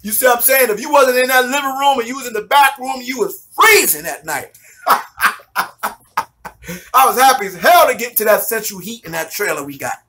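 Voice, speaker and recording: A man, telling a testimony in an animated, slangy way, swearing, laughing often and checking that the listener follows. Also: very high voice, brisk. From New York City. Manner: swears a lot, street slang, keeps asking if you follow. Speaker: minister giving a testimony.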